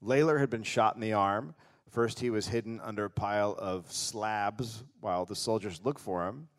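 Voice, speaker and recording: Deadpan man narrating history on stage. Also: on the low side, normal speed. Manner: deadpan storytelling, reading out quotes. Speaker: podcast host telling the history story. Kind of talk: live comedy podcast narration.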